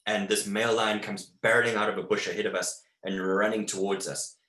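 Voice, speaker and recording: Man presenting a webinar, low-set forceful voice, echoey room over a call mic. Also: level tone, brisk. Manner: vivid anecdotal storytelling, many fillers and restarts. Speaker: wildlife photographer giving a webinar talk. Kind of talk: storytelling presentation.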